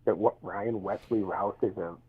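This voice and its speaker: A male caller with a low, raspy voice argues over a tinny phone line. He is dismissive and mocking and repeats himself. His voice sounds thin and filtered. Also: moderate pace. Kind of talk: heated call-in argument.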